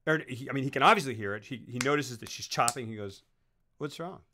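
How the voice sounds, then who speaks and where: A man's voice: medium pitch, fast talker, bright, forceful tone, slight background noise. A man on a casual film podcast, rambling as he retells movie scenes. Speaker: podcast co-host.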